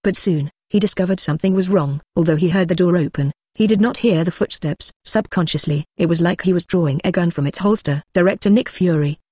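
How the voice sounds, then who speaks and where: A text-to-speech voice reading a web novel audiobook in flat, even narration. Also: medium pitch, fairly quick, hardly any pauses, breathy edge, no echo. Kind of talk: scripted narration.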